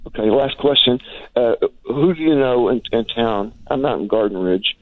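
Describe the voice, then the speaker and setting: A man's voice: mid-range voice, lively intonation, moderate pace, no echo. A man calling in to a radio show, asking plain, matter-of-fact questions over the phone. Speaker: caller. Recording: tinny phone line.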